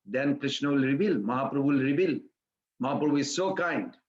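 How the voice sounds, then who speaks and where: A man's voice: animated, a little fast. A man giving a storytelling sermon in simple, broken English. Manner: simple broken English, acts out quoted voices in a higher pitch. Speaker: preacher. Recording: echoey room, slightly dull sound.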